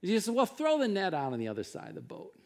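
A middle-aged male pastor preaching a sermon, telling Bible stories with animated, conversational delivery and acted-out quotes. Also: quick pace. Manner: animated storytelling, acting out quotes with rising pitch and volume.

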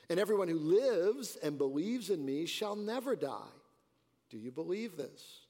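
A man's voice: high-pitched, lively intonation, measured pace, dark tone. Earnest male pastor preaching in a hall. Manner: earnest preaching, rising and dropping emphasis. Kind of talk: sermon. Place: church sanctuary. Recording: church hall reverb.

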